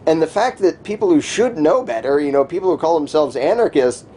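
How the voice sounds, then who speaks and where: Interview guest, male, mellow tone, emphatic and scornful delivery. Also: a little high, lively intonation, fairly quick, slight background noise. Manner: emphatic, scornful, mocks opponents' voices. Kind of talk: conversational interview.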